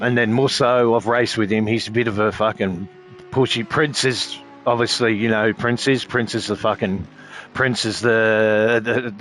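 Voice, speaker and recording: A man's voice: mid-range voice, fairly bright tone. A laid-back Australian man chatting on a live sim racing stream. He rambles loosely and swears in nearly every line, talking easily to his viewers. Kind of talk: casual live-stream chat.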